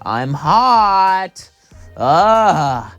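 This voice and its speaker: A man's voice: high-pitched, big pitch swings, drawn-out words, fairly bright tone, no echo, soft background music, voice pushed up, full character voice. A man voicing a vain, flirtatious male demon in a spoken fan story, with a drawling, flirty manner.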